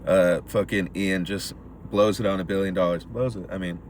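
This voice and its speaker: A man's voice: deep voice, moderate pace, a little hiss or hum. A man on a podcast, casually recapping a film and acting out the characters' lines. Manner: animated storytelling, acts out characters' lines. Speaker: podcast co-host. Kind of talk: casual movie recap chat.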